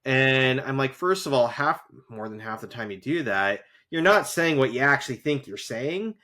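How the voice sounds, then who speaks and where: A man's voice: medium pitch, lively intonation, moderate pace, pushed and bright. A man co-hosting a casual podcast, talking in rambling runs with many fillers and restarts. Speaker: podcast co-host; teacher who grades essays. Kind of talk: casual rewatch podcast chat.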